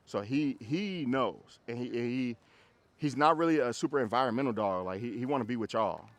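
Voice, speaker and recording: Man, dog trainer, casual coaching outdoors, animated, acts out scenes, mid-pitched voice. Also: normal speed. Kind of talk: casual coaching on a group walk.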